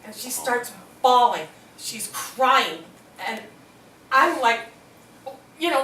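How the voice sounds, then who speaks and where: A woman's voice: on the high side, takes it slowly. Middle-aged woman telling a story, echoey room. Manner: animated, acts out quoted voices. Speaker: speaker at a hospital presentation. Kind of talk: storytelling to an audience. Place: hospital meeting room. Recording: echoey room, mic from a distance.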